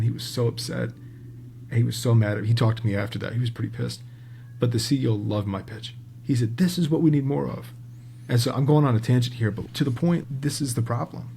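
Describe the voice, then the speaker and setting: A man guest on a podcast, telling a casual, animated story and swearing freely. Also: mid-range voice, vocal fry, a little hiss or hum. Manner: animated, swears freely, acts out quoted people.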